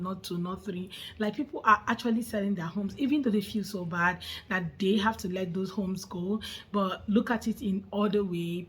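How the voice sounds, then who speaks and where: A woman's voice: medium pitch, slightly rough. A woman vlogger reads out viewer comments and reacts to them in a chatty way, often asking her audience for agreement.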